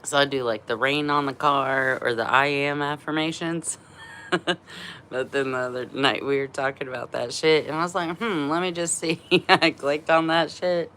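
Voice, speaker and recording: A woman's voice: rumbling low, normal speed, a bit bright, a little hiss or hum. A middle-aged woman vlogging in casual chat, laughing often and swearing freely while feeling unwell from a cleanse.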